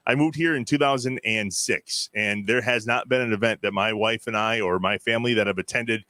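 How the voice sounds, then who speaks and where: A male interview host with a fairly low voice and a bright, forceful tone. He talks earnestly and pays his guest compliments in easy conversation. The recording is dry and close. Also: steady tone, fairly quick, no echo. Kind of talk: casual interview chat.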